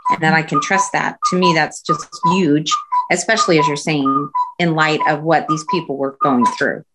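A woman's voice: sits low, huge pitch swings, normal speed, over loud music. A woman in a Bible study discussion, speaking earnestly and stressing lists of words. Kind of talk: group discussion.

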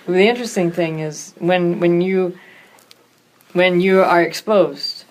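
A woman in a group Bible discussion who explains scripture thoughtfully and often restarts her sentences. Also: lowish voice. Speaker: Bible study participant.

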